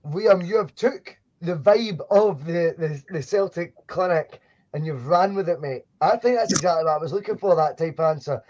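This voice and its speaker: A man's voice: on the high side, moderate pace, a little mellow, dull audio. A Scottish man hosting a podcast in a joking, laid-back chat, swearing and laughing often. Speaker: podcast host. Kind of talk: casual chat.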